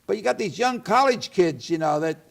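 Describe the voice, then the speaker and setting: A man's voice: high voice, animated, a little fast, vocal fry. A man hosting a talk show, chatty, rambling and opinionated. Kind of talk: casual talk show conversation.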